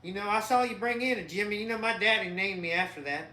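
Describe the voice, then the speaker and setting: Man doing a Southern good-ol'-boy mechanic, high loud twang, bright tone, echoey room. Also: fast talker. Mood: folksy boastful. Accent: put-on Southern.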